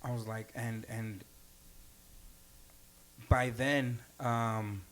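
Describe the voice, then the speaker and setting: A man's voice: mid-range voice, fairly even intonation, extremely slow, slight background noise. A man from El Paso telling a story as a podcast guest, casually and animatedly, swearing freely and acting out the quotes. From El Paso, Texas.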